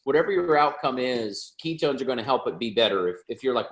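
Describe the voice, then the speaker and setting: A man in his thirties hosting a video call, giving an upbeat, joking sales pitch. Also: animated, fast, few pauses, roomy sound.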